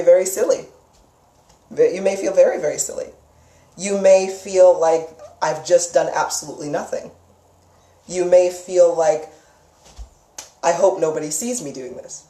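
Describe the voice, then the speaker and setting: A woman's voice: lowish voice, warm tone. A woman teaching a live lesson on energy healing in an instructive, emphatic way, repeating key phrases and checking in with "okay?". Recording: echoey room, mic far off.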